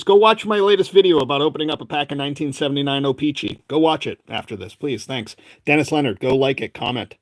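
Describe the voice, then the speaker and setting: A man's voice: medium pitch, quick pace, hardly any pauses, no echo. Chatty Boston man on a live stream. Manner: chatty, rambling, calls out names as he goes. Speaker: live-stream host opening card packs. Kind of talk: casual live-stream chat.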